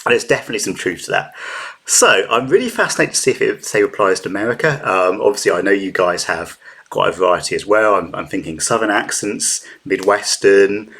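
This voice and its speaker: A man's voice: lowish voice, animated, fairly quick, a bit bright, husky. A young British man hosting a reaction channel, musing chattily with frequent ums and restarts. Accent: British English. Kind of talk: casual reaction commentary.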